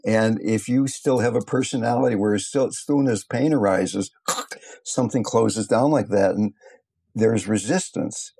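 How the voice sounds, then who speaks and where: An older man teaching meditation, telling stories in a calm, unhurried, reflective way. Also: on the low side, creaky, slightly rough. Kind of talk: teaching talk with storytelling.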